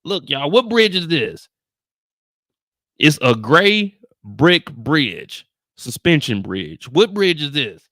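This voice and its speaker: Animated, exasperated man streaming to chat. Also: fairly high pitch, takes it slowly, no room sound, studio quality. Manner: animated, exasperated, swears freely, talks to chat. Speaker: show reaction streamer. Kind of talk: casual livestream chat with viewers.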